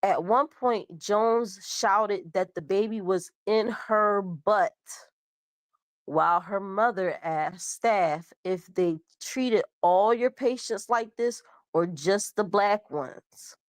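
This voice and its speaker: A woman's voice: medium pitch, slow, no room sound. A young woman hosting her own web show, nose stuffed up from a cold. She reads a news item aloud in a casual, chatty way, tripping over some words and starting again. Her voice sits mid-range and sounds dry and close. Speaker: show host. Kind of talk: reading and commenting on news.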